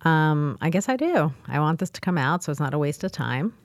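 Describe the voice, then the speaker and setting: Deadpan woman comic, dry close sound. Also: low voice, fairly quick, dry recording. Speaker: comedian guest. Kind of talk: casual interview chat.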